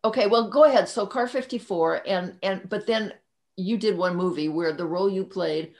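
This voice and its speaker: A woman's voice: mid-range voice, moderate pace, a little mellow. A woman hosting an interview, reacting effusively and going off on chatty tangents. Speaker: interview host.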